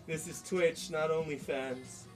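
An American man with a higher-pitched, steady voice speaks a little slowly, with faint music behind him. On a livestream he chats casually with viewers while making stone-look craft pieces outdoors, joking and laughing often.

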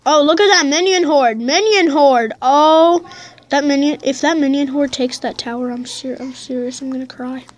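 High-voiced excitable young woman gamer. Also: normal speed. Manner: excitable, bursts into high squeals and drops to mutters. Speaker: gameplay commentator. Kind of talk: casual gameplay commentary.

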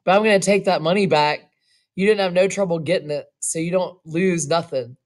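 A woman doing a slow, brooding young outlaw. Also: deep voice, natural voice. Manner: slow and meditative.

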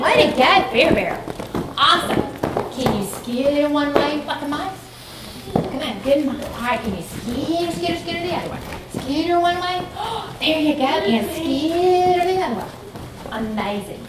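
High-pitched Southern woman, echoey room. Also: animated, a little slow, very noisy. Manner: upbeat, encouraging, sing-song. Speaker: fair representative leading a children's dance. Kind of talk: calling out a children's action dance. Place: library room with children. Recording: echoey room, distant mic, crowd.

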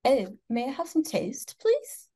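A woman's voice: sits high, very animated, measured pace, warm tone, slightly rough, pitched above the performer's own voice, heavily acted. A Midwestern American woman putting on the voice of a prim, posh, well-spoken English lady. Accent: put-on posh English over Midwestern American.

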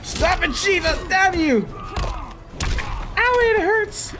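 Hyped gamer dude yelling and cussing at a fighting game, slow drawl but swings all over. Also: male voice, very high voice, background noise. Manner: excitable, loud yelps and laughs, swears freely. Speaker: let's play gamer. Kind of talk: gameplay commentary. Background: game music and fight sounds.

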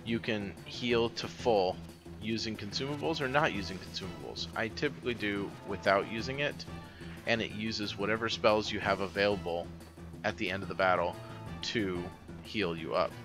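A man with a lowish voice gives casual let's-play commentary. He explains things in a rambling way, full of fillers and restarts. Game music plays clearly underneath. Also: normal speed. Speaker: let's player.

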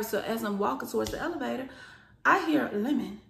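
A young woman telling a profane storytime vlog, acting out the quoted lines loudly and with lots of emotion. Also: fairly high pitch, a little fast, creaky, roomy sound, slight background noise. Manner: animated, profane, acts out quoted lines with rising loudness.

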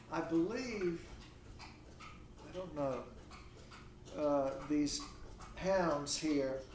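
A man giving a recorded literature lecture, halting with many pauses and fillers, reading quoted verse with louder emphasis. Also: fairly high pitch. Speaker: literature instructor. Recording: roomy echo, distant mic, faint noise.

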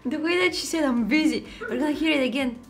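A woman's voice: sits high, rapid-fire, soft background music. A woman hosting a casual reaction video, exclaiming and laughing as she comments on clips.

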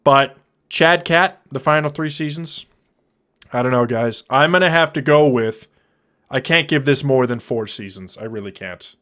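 A man's voice: mid-range voice, moderate pace. A man in his thirties giving goofy, joking commentary on a live stream while playing a drawing game. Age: 30s. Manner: goofy, jokey, with sudden loud silly outbursts.

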